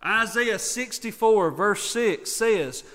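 A man's voice: high voice, lively intonation, slow pace, a bit bright, big-room sound. A man from North Carolina with a Southern accent, preaching a sermon earnestly and repeating key points for emphasis. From North Carolina, USA. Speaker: pastor.

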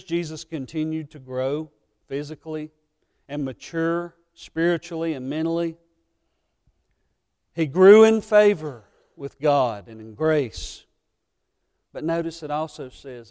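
A man preaching a sermon as pastor, emotional and impassioned, swinging between loud passages and hushed ones. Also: medium pitch, clean tone.

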